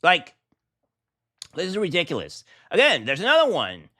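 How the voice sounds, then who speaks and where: A man's voice: sits high, huge pitch swings, normal speed, pushed and bright, no echo, studio quality. A man hosting a reaction commentary vlog, talking in an indignant, ranting way with rhetorical questions. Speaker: political commentary host.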